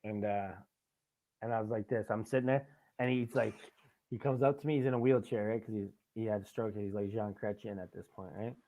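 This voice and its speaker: A man's voice: fairly low pitch, fairly even intonation, brisk, mellow. A young adult man hosting a podcast, telling rambling, profane stories in casual chat and laughing at his own tales. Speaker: podcast host. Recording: tinny phone-like sound.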